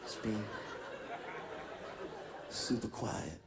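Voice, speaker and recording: A man's voice: extremely slow, crowd noise. A man doing stand-up comedy, telling a story and laughing as he goes. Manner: animated, laughing through his own story. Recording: noisy live stage recording.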